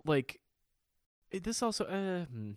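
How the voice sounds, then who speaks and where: A man co-hosting a podcast in casual chat, animated and sarcastic, swearing freely. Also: sits high, measured pace, dry recording, studio quality. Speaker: podcast co-host.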